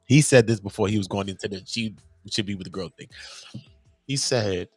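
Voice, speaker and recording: A young man, casually telling a story as host, animated and swearing freely in street slang. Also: on the low side, a little fast, slightly rough, dry recording, soft background music.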